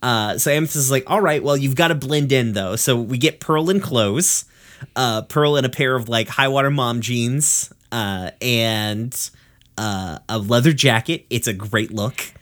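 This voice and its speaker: A man's voice: medium pitch, fairly bright tone. Casual, profane man recapping an episode. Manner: rambling, profane, laughs often, voices characters in quick asides. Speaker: podcast co-host recapping a cartoon episode. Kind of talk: casual chat.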